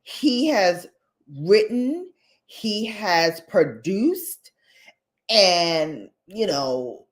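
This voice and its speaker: A woman's voice: medium pitch, big pitch swings, very slow. A woman vlogger in casual, gossipy chat, talking straight to her viewers with playful asides. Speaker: beauty vlogger.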